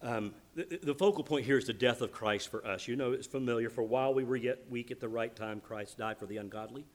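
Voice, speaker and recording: A man preaching a sermon as pastor, earnest and emphatic, moving between quiet reflection and loud, stressed declarations. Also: medium pitch, fairly quick.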